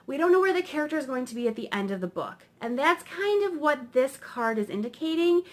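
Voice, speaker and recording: Woman tarot reader, casual and rambling, a bit high. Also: sing-song, brisk, few pauses. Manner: chatty, rambling, tag questions. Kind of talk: casual explanatory lesson.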